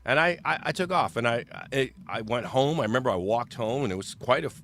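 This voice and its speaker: A man's voice: mid-range voice, lively intonation, brisk, a bit bright, a little hiss or hum. A man in his fifties, a podcast guest telling a story in a casual, rambling way with stammered repeats.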